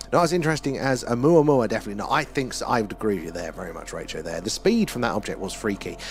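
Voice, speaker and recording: A man with an Essex accent hosting a live sky-watch stream, chatting casually and reading out viewer comments. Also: fairly low pitch. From England. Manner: chatty, reads out viewer comments, often trails off with "there".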